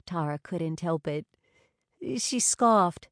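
Slow, dry-sounding woman narrator. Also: fairly low pitch, a little mellow, dry recording. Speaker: audiobook narrator. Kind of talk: scripted narration.

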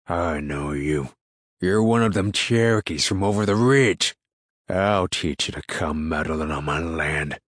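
A man's voice: low voice, a little slow, no room sound, clean studio sound. Man doing a growling backwoods farmer. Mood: threatening. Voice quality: growling, rough.

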